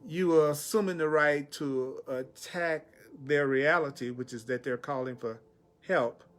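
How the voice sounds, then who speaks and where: A man's voice: on the high side, fairly even intonation, unhurried. Emphatic man teaching, repeating himself. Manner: repetitive, emphatic, pleading voice for quotes. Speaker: spiritual teacher. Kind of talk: spiritual teaching talk.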